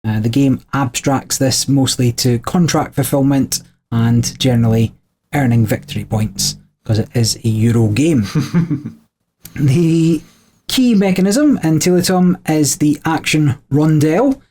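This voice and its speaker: A man's voice: mid-range voice, a little slow, mellow. Chatty male podcast co-host explaining rules. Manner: chatty, frequent small laughs. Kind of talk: casual chat explaining game rules.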